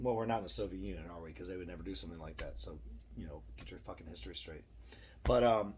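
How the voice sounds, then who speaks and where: A man's voice: sits low, racing, a little mellow. A middle-aged man vlogging a rambling, profane opinion monologue with self-deprecating asides.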